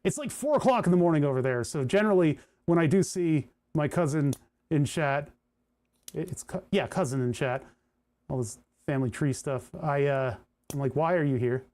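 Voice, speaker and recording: A man from New Jersey, fairly high-pitched with a darkish tone, talks at a normal speed in an animated way. Building electronics on a live stream, he chats casually, rambles, and chuckles while thinking out loud.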